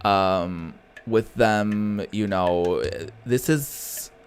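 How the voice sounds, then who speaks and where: Rambling young man, deep voice. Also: drawn-out words, slight background noise. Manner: rambling, heartfelt, many fillers and restarts. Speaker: gaming streamer. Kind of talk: casual gameplay commentary.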